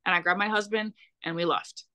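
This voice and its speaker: A woman's voice: on the low side, steady tone, brisk, bright, forceful tone. A young adult woman, a podcast guest, telling a painful personal story in a blunt, heated way with frequent swearing.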